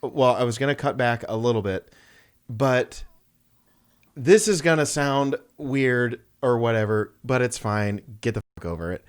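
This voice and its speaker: A young man co-hosting a casual podcast, with a smooth, clear voice. He jokes constantly, laughs a lot and spins silly hypothetical scenarios. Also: medium pitch, a little slow. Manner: joking, laughs often, riffs on made-up scenarios. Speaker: podcast co-host. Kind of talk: casual chat.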